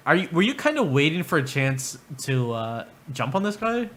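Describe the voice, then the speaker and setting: A man's voice: a little high, sing-song, moderate pace, hardly any pauses, fairly bright tone. A man ranting on a livestream in a crude, rambling, mocking way, often breaking into laughter. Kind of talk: profane livestream rant.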